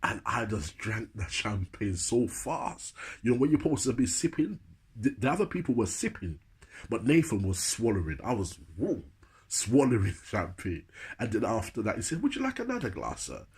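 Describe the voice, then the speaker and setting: A man with a Jamaican accent tells a comic story from his life, laughing often between lines. His voice sits low and is very husky. He keeps turning to the listener to check that they are following. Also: lively intonation, moderate pace, darkish tone. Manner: chatty, laughs often, keeps asking "you know what I'm saying".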